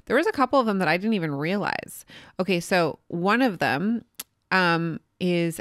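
Chatty low-voiced woman co-host. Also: no echo, studio quality. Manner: chatty, lots of "like" fillers, giggly. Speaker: podcast co-host. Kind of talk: casual chat.

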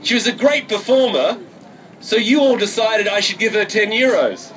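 Loud and cheeky, a man from England delivers street show patter to a crowd in a city square, teasing people and swearing to get laughs. He has a high voice and speaks at normal speed. The mic is far from the recording camera, so his voice comes through distantly under loud crowd and street sounds.

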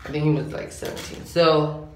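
An eighteen-year-old vlogger tells a casual storytime, rambling and slangy, packing his speech with "like." His voice is fairly high with little pitch movement, at a moderate pace. A roomy echo and faint background hum fill the recording.

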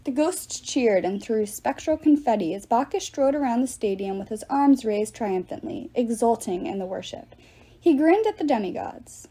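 A woman reads a novel aloud with lively, expressive narration. Her voice sits a little high, soft and mellow with a breathy edge. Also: normal speed. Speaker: reader.

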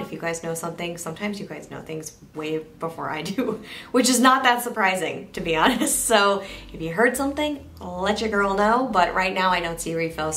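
A woman's voice: fairly low pitch, vocal fry, fairly bright tone. A young woman giving a candid, chatty makeup review that she speaks straight to her viewers. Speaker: beauty reviewer. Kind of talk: casual product review vlog.

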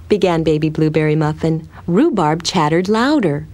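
A woman gently and expressively narrating a children's storybook. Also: low voice, normal speed, hardly any pauses.

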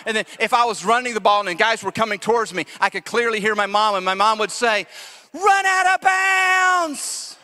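A man preaching a lively sermon to his congregation, acting out the voices of the people he describes. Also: high voice, fast, hardly any pauses, clean tone, big-room sound. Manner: animated, acts out voices of church members. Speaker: pastor. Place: church sanctuary.

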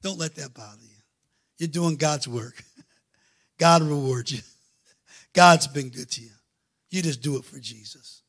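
A man preaching a sermon as pastor, swinging from quiet asides to loud fervent preaching. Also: fairly high pitch, measured pace, pauses often. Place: church auditorium.

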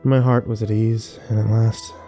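A man narrating a first-person horror story slowly and wistfully, with small restarts. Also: fairly low pitch, little pitch movement, warm tone, faint music behind.

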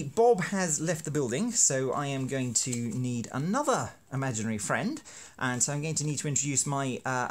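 A man explaining a teaching card game in a playful, self-deprecating, hammy way. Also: a little high. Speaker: university lecturer making teaching videos. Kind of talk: educational explainer.

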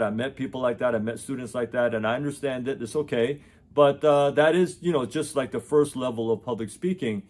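A man's voice: mid-range voice, a little mellow. A middle-aged man, a tutor, talking unscripted to his camera with many fillers and restarts. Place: indoors in front of his camera. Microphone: camera mic.

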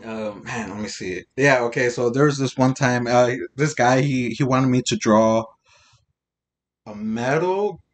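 A man's voice: medium pitch, a little slow. A young man as a podcast guest, chatting casually in an easygoing, slangy way with lots of filler words and swearing. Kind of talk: casual chat.

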